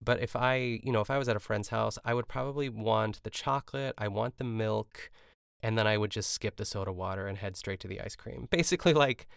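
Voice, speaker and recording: A man's voice: on the low side, fairly quick, gravelly, clean tone, no room sound, studio quality. A man from Pittsburgh hosting a podcast alone, recapping a cooking show in a rambling, chatty way with plenty of fillers and laughs. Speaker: podcast host. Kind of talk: casual solo recap podcast.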